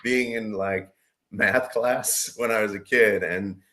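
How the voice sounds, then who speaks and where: A man's voice: fairly low pitch, fairly even intonation, slow, a bit bright. A man co-hosting a podcast, chatting casually and rambling through examples with acted-out quotes. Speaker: podcast co-host. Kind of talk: casual chat.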